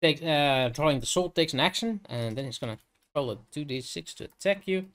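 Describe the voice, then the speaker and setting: A man narrating a tabletop game as game master, halting and restarting often. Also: on the high side, a bit bright. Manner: halting, full of fillers and restarts.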